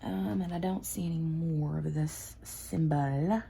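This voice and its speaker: A woman's voice: low-pitched, steady tone, a little slow, vocal fry, dark tone, slight background noise. A woman hosting a craft channel, chatting casually and rambling with lots of fillers. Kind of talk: casual chat.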